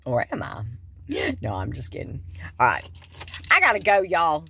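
A woman's voice: sits low, wildly swooping pitch, normal speed, creaky, sharp tone, a little hiss or hum. A woman chatting and joking to viewers in a casual vlog, filmed on a phone in and around her car. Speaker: vlogger. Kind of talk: casual chat to camera. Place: in and around a car, going into a store.

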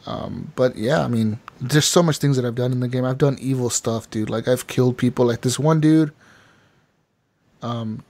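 A man's voice: mid-range voice, moderate pace, gravelly. A young man co-hosting a casual gaming podcast, telling stories animatedly and acting out the characters. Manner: animated storyteller, acts out game characters. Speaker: podcast co-host.

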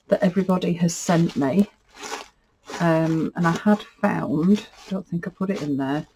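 A woman's voice: on the low side, darkish tone. Gushing woman, textile artist. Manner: chatty, gushing and easily moved. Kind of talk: casual unboxing chat.

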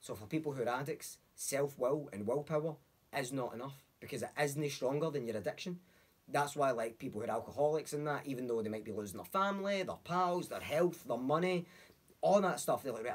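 A man's voice: mid-range voice, brisk, slightly rough. A young Scottish man, a podcast guest, chatting bluntly and swearing freely as he tells stories. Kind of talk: casual chat.

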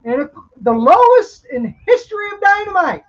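A woman's voice: very high voice, sing-song, moderate pace. A woman co-hosting a wrestling podcast, ranting bluntly with lots of swearing. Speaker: podcast co-host. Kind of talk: profane wrestling podcast rant. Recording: dull lo-fi podcast audio.

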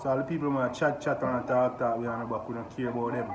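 A Jamaican man hosting a casual music reaction, talking excitedly and often asking "you see me?". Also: medium pitch, quick pace. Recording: echoey room with background noise.

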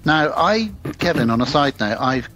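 A man's voice: on the high side, lively intonation, normal speed, fairly bright tone. A British man co-hosting a casual podcast, chatting easily and reading a listener's email aloud. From United Kingdom. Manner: easygoing, chatty, laughs often. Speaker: podcast co-host.

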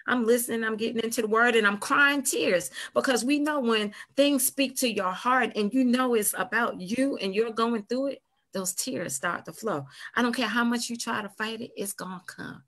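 A woman's voice: fairly high pitch, moderate pace, a bit bright. A woman telling her own survival story on a podcast, earnest and candid, often speaking straight to the listeners. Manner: earnest, addresses listeners directly as "you guys". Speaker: domestic violence survivor guest. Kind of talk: personal testimony on a podcast.

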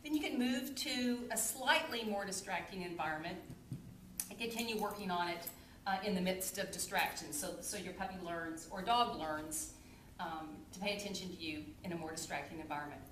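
A woman dog trainer demonstrating with her puppy, explaining steps and calling the dog's name in a happy tone. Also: normal speed. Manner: calls dog's name in high happy tone, then explains calmly. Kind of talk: instructional demo video. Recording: echoey room, faint ambient noise.

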